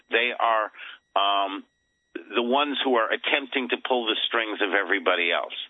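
A man's voice: medium pitch, no echo. A man calling in as a guest on a talk radio interview, lecturing emphatically and dropping "okay" between points. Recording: tinny phone line.

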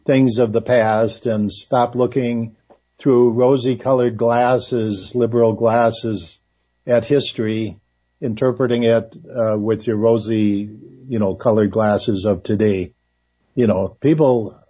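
Male guest, dark husky voice, rambling, muffled recording. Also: mid-range voice. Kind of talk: casual talk-show conversation.

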